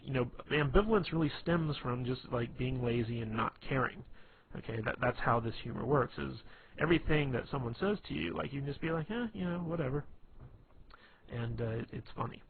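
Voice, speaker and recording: A man's voice: mid-range voice, brisk, vocal fry. A man giving casual dating advice in a rambling way, full of fillers and restarts. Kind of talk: casual spoken advice monologue. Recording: tinny phone-like lo-fi recording with faint hiss.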